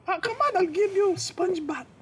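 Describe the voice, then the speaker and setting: A man voicing a pushy, loud Filipino woman nurse who speaks in broken English and shouts orders. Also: very high-pitched, normal speed, far from the mic, heavy background noise, pitched above the performer's own voice. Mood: bossy.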